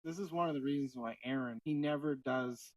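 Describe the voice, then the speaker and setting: A man's voice: medium pitch, fairly quick, no echo, recorded from a distance, rough recording. A man co-hosting a casual faith podcast, talking in an earnest, reflective way with many fillers. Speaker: podcast co-host.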